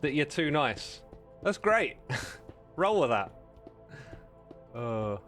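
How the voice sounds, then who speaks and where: A man's voice: on the high side, very animated, extremely slow, a bit bright, soft background music. A man chatting casually with viewers while playing on a livestream, rambling and self-deprecating, laughing often.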